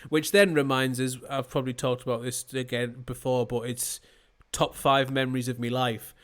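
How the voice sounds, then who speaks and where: A man's voice: medium pitch, flat delivery, moderate pace. A young man co-hosting a podcast, telling sweary, laughing stories in casual chat. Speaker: podcast co-host.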